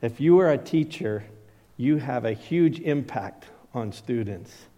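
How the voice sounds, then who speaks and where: With a long reverb tail trailing his words, a middle-aged pastor preaches in a mid-range, dark, expressive voice, a little slow. He shares stories from his own life and acts out quoted voices.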